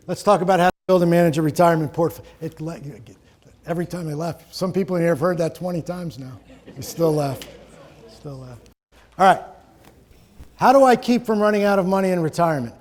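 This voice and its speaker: A man's voice: a little high, a little fast, a little mellow. Jokey middle-aged man giving a seminar. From Connecticut, USA. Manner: conversational, joking storyteller. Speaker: seminar presenter. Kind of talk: live seminar talk. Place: presentation room with an audience.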